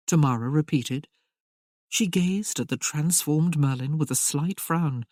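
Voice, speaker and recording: A woman reading a period romance aloud as narrator, in an unhurried, expressive storytelling manner. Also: low voice, no room sound, studio quality. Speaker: audiobook narrator. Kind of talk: scripted narration.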